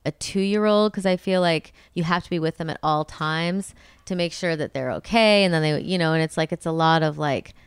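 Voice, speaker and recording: A woman co-hosting a podcast, chatting casually in a hesitant, halting way. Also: sits low, clean tone, no room sound, clean studio sound. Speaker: podcast co-host. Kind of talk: casual chat.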